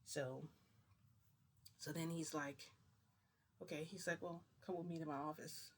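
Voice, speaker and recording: Gravelly man rambling through a story. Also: a little high, fairly even intonation, unhurried, a little hiss or hum. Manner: rambling, retells dialogue with "I'm like". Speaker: vlogger. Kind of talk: casual storytelling.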